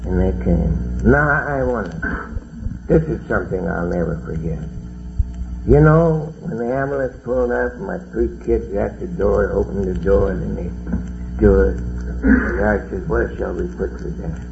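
A man's voice: fairly low pitch, unhurried, creaky. A middle-aged man giving a plainspoken, folksy personal testimony talk, on a dull lo-fi recording with faint hiss. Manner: plainspoken, folksy storytelling with dialect grammar.

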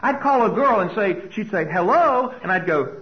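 A man's voice: high-pitched, expressive, a little fast, muffled recording. A man speaking to an audience, telling personal stories and acting out his own anxious thoughts. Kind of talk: storytelling talk to an audience.

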